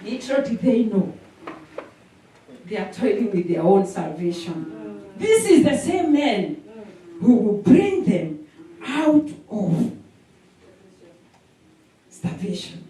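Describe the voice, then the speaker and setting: A woman preaching a sermon, animated, with repetition and call-and-response. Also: mid-range voice, slow pace, long pauses. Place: church sanctuary. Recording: echoey hall from a distance.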